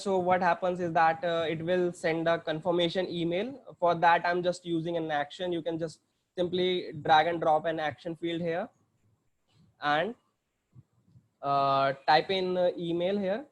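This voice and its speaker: A man with an Indian English accent walking through a software demo on a screen share, hesitant, with many fillers and restarts. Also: a little high. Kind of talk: screen-share tutorial walkthrough.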